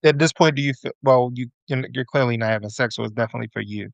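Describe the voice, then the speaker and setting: Gravelly man telling loose stories. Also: mid-range voice, quick pace, no echo. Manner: loose, profane storytelling with slang. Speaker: podcast guest. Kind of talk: casual chat.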